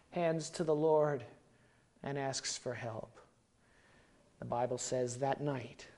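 A preacher in full flow, addressing the congregation with dramatic swings in volume. Loud, urgent pleas give way to hushed, intimate asides. The voice sits at an ordinary middle pitch. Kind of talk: sermon.

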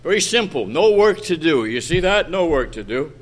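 A man's voice: fairly high pitch, big pitch swings, normal speed. A middle-aged man preaching a sermon in a church meeting room, fervent and pleading, his voice swelling and dropping.

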